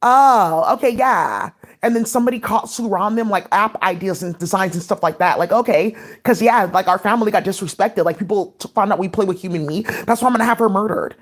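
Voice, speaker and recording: A woman vlogging in a quick, tumbling stream of talk. Her thoughts jump from one thing to the next, held together by "like" and "um". Her voice sits at an ordinary middle pitch. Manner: rapid, scattered, many "like" fillers. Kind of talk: rambling casual monologue.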